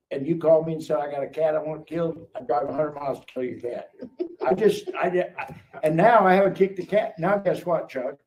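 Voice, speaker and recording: Older man, animated storyteller, distant mic, faint noise. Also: fairly high pitch, muffled recording. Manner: animated storyteller acting out dialogue. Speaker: guest telling his life story. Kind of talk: casual testimony storytelling. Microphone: live stream call mic.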